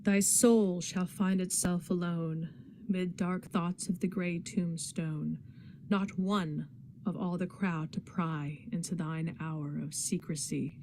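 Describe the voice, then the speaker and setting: A woman reading poetry aloud in a dramatic, expressive recitation. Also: fairly low pitch, takes it slowly, slight background noise. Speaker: poetry reader in a readathon.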